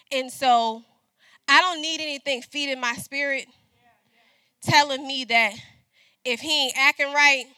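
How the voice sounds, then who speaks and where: A middle-aged woman preaches in a loose, talky way, turning often to the congregation for an answer. Her voice is bright and a little high. The sound is dry and close. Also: no room sound. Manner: conversational preaching, calls out to congregation. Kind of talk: sermon.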